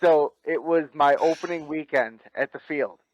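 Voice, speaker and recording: A middle-aged man spins airsoft stories in easy, profane podcast chat, often laughing as he goes. His voice sits a little high for a man, and the sound is dry and close. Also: moderate pace, no room sound, dull audio. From North Carolina. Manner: laid-back, swears freely, laughs while telling stories. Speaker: airsoft field owner, guest. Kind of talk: casual storytelling chat.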